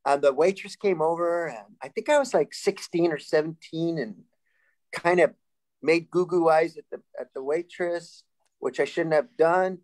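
Animated older man telling stories. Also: on the high side, normal speed, low-quality recording. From Sacramento, California, US. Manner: animated, laughing, restarts often. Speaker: panel guest. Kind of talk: casual storytelling.

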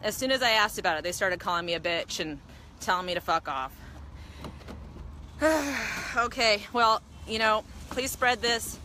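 A woman's voice: mid-range voice, animated, normal speed, pushed and bright, a little hiss or hum. A woman filming a confrontation on her phone in an outdoor parking lot, shaken and pleading. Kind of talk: phone video rant. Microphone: handheld phone.

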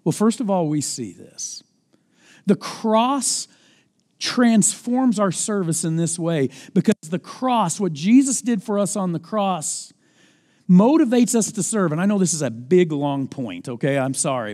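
A man, a campus pastor, preaching a sermon with earnest, deliberate emphasis and an occasional self-deprecating aside. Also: a little high, lively intonation, a little mellow. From United States.

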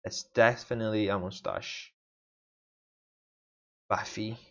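A man's voice: fairly low pitch, fairly even intonation, slow pace, fairly bright tone, muffled recording. A man whose first language is Portuguese, practicing vocabulary aloud in casual self-study and repeating each word over and over to himself. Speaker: language learner.

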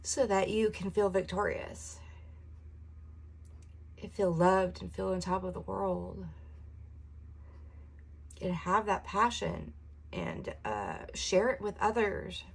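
Woman tarot reader, unhurried and husky, heartfelt, emotional. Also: mid-range voice, animated. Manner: earnest, heartfelt, sighing often. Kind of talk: intuitive tarot reading to viewers.

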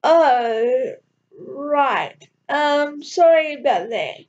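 A woman's voice: high-pitched, animated, drawn-out words, darkish tone, exaggerated voice. Brusque male sleuth, stuck and impatient, read by a woman; muffled home recording. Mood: sheepish. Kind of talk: amateur audio story reading.

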